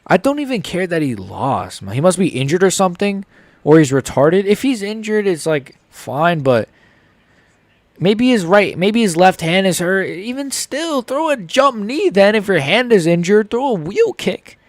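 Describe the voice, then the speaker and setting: A man's voice: sits high, sing-song, moderate pace, dry recording. A young man hosting a live fight reaction, ranting heatedly and swearing. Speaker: MMA channel host.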